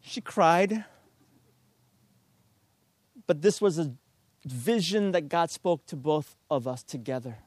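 Unhurried high-voiced middle-aged preacher. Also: male voice, animated, a little mellow, no echo. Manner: self-deprecating, earnest exhortation. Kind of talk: storytelling sermon.

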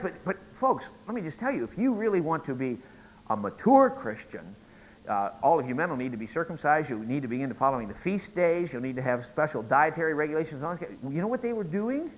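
A middle-aged man preaching a sermon, telling a joke story and rising to loud, emphatic peaks. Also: mid-range voice, big pitch swings, moderate pace, rough recording. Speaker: pastor.

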